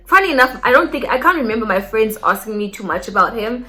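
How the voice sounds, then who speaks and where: Young South African woman, casual storytime vlogger, animated and chatty. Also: a little high, fast talker, soft background music. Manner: animated, code-switching, talks straight to viewers.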